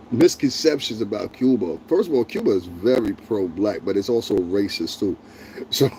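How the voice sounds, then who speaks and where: A man's voice: mid-range voice, mellow, slight background noise. A man hosting a livestream, ranting in a heated, profane, confrontational way and talking directly to his chat viewers. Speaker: livestream host.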